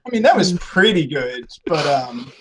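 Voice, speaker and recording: A man's voice: on the high side, sing-song, normal speed, noisy background. A man hosting a casual game show podcast, joking with a playful, mock-grand showman manner.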